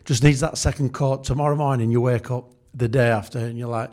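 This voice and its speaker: A man's voice: mid-range voice, fairly even intonation, brisk, darkish tone. A man preaching a humorous sermon, telling chatty everyday stories and acting out the scenes. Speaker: pastor.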